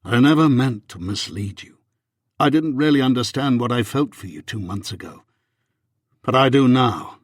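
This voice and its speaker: A man voicing an earnest, remorseful young Regency husband in an audiobook, with a husky, pleading delivery. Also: medium pitch, animated, normal speed, no echo, clean studio sound, close to an everyday voice. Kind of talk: audiobook reading.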